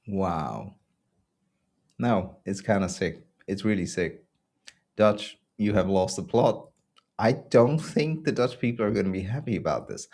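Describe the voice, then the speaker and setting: A fairly low-pitched man hosts his own show and talks through it in a loose, sarcastic rant. He mocks what he criticises, breaks into laughter again and again, and keeps a casual, off-the-cuff tone. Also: expressive, measured pace, gravelly, darkish tone. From Belgium. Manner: ranting, sarcastic, laughs often. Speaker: podcast host. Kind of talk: casual opinion commentary.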